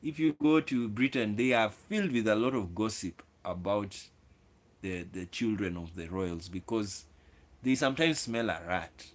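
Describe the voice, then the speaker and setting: A man's voice: lowish voice, animated, moderate pace. A man hosting his own video, lecturing viewers directly in an opinionated monologue, with repeated words and restarts. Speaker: video host.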